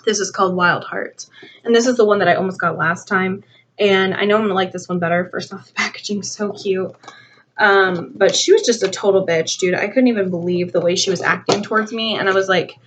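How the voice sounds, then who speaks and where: A young woman vlogger telling an animated storytime rant, acting out a dialogue with lots of "like". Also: medium pitch, a little fast, a little hiss or hum. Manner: animated, acts out both sides of a dialogue, heavy use of "like". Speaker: beauty vlogger. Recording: slightly dull lo-fi home video audio.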